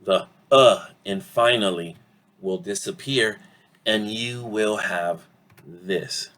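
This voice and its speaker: A man teaching English pronunciation in an online lesson, saying each word slowly and deliberately to model it and checking in often with "okay?". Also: lowish voice, pushed and bright.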